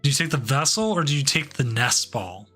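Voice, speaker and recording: A man hosting and commentating a card game tournament stream, relaxed and joking, with loose filler words. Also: medium pitch, brisk, faint music behind. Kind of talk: casual live game commentary.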